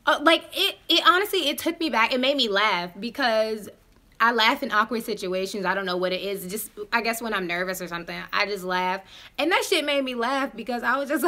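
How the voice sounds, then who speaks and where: A young woman in her twenties telling a storytime straight to her viewers, animated and profane. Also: a little high, brisk. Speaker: vlogger. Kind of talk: casual storytime.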